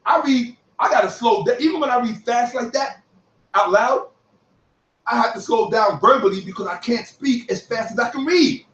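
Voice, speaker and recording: A man giving heated commentary on other online creators, boastful and profane, sometimes shouting. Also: extremely high pitch, normal speed. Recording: echoey room, distant from mic, dull audio.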